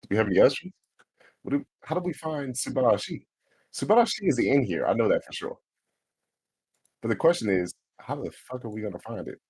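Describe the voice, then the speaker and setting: Streamer guy: deep, husky, lively delivery, dry close sound, profane and loose. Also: a little fast, long pauses, no room sound. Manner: swears freely, sounds out foreign words. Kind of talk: casual livestream chat.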